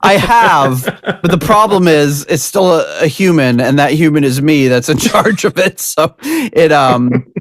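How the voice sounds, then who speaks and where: A man's voice: fairly high pitch, animated, measured pace, dry recording, clean studio sound. A man hosting a podcast, chatting casually and rambling with laughs and restarts. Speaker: podcast host.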